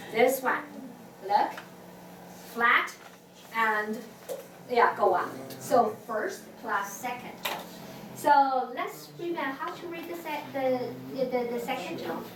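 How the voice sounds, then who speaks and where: A woman leads a class in a high, unhurried voice. She restarts her phrases often and sings out tones for students to repeat. The sound is distant and echoey, with steady room noise behind her. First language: Mandarin Chinese. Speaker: Chinese language teacher. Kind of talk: classroom teaching, call and response. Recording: echoey classroom from far off, noisy.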